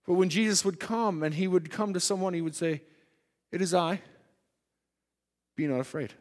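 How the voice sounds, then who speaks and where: High-voiced preacher in a reverberant hall. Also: male voice, normal speed. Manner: emphatic preaching that swings between loud and hushed. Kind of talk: sermon.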